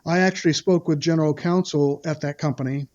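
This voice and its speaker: A man being interviewed as a guest lawyer, recounting events with indignation, often pausing on "uh" fillers. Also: on the high side, fairly even intonation, darkish tone, dull audio. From Wisconsin. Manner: indignant, retelling events with acted quotes and frequent "uh" fillers.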